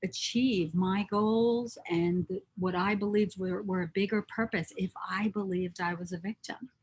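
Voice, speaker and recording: A woman's voice: medium pitch, fairly even intonation, measured pace, darkish tone, husky. A woman from New Jersey, an interview guest, telling her life story in an earnest, reflective way. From New Jersey, USA. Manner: reflective, earnest, with frequent restarts. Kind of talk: conversational storytelling.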